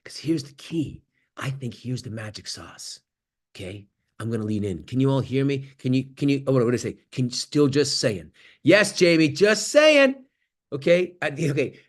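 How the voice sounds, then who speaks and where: A man giving an animated motivational talk on a video call, swinging from loud exclamations to near-whispers. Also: mid-range voice, normal speed. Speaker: guest speaker on an acting workshop call.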